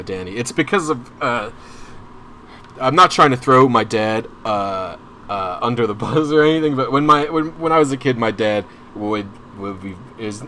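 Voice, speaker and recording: A man's voice: medium pitch, bright, forceful tone, slight background noise. A young man streaming, telling a long personal story in casual chat, rambling and restarting often, sounding anxious and frustrated. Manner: rambling, full of restarts and asides; openly anxious and frustrated as he recounts.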